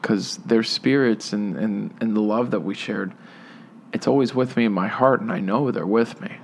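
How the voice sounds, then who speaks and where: A man co-hosting a casual podcast, telling stories with halting restarts. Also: fairly low pitch, creaky, a little mellow, slight background noise. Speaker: podcast co-host. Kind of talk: casual chat.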